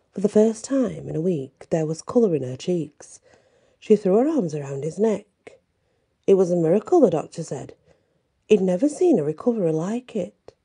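A woman storyteller narrating a folklore tale in a slow, gentle, calm way. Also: on the low side, breathy edge.

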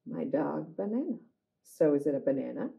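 A woman librarian leading a children's storytime, reading a picture book aloud in an animated, inviting way and talking to the children. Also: low voice, moderate pace, gravelly.

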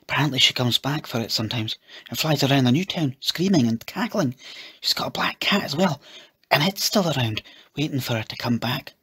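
A man voicing a boastful, eager young boy who talks in an excited stage whisper. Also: mid-range voice, a little fast, slightly rough, pitched above the performer's own voice, exaggerated voice. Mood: spooky boasting.

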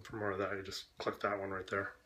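A Canadian man in a sasquatch persona, reading a word list and answering questions in a deadpan, smart-aleck way. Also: sits low, fast talker, background noise. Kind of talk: casual accent-tag word list.

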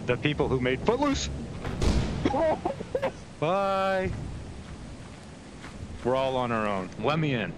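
A man's voice: medium pitch, very animated, a little fast, few pauses, noisy background. A young man in casual gaming banter, panicking, screaming and trash-talking his teammates. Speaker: gaming video creator.

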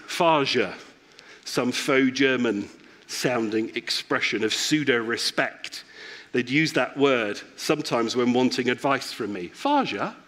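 A man's voice: mid-range voice, fairly bright tone. A man giving a reflective, personal sermon as a church pastor.

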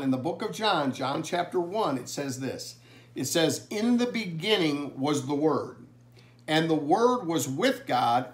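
A man preaching a family blessing sermon, earnestly reading scripture slowly and with emphasis. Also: a little high.

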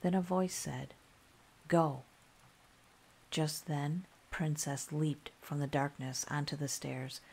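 Female storyteller with a low, gravelly voice, reading a scary story in a calm, soft-spoken ASMR style. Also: a little slow, few pauses.

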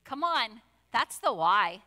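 A woman's voice: fairly high pitch, very animated, slow pace, pushed and bright, big-room sound. A woman pastor preaching a conversational sermon, full of asides and rhetorical questions. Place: church sanctuary.

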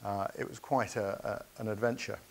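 Male speaker, storytelling keynote, earnest, anecdotal, halting fillers. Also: on the low side, steady tone, creaky.

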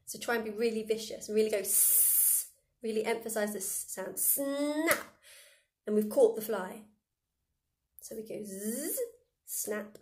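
A woman music teacher leading children through a silly vocal warm-up, demonstrating buzzing, lip rolls and odd noises as she explains each step. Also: mid-range voice, slight background noise. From England. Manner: playful, demonstrates silly noises and sound effects.

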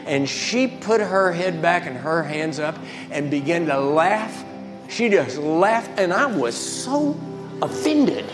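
An older man preaching a sermon as a guest speaker, telling stories with emphatic swings in pitch and volume. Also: lively intonation, measured pace. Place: large church sanctuary. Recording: reverberant church hall with faint music.

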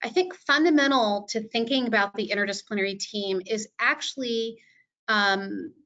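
A woman's voice: on the high side, normal speed, fairly bright tone. Woman thinking aloud on a muffled call. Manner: thoughtful, many fillers and restarts. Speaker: webinar panelist. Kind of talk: unscripted presentation. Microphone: video call.

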